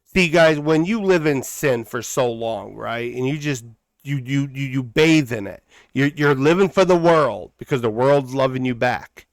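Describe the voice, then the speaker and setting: A man's voice: medium pitch, measured pace, no echo. A man hosting a political commentary podcast, talking in a heated, preachy way and repeating phrases for emphasis. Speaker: podcast host.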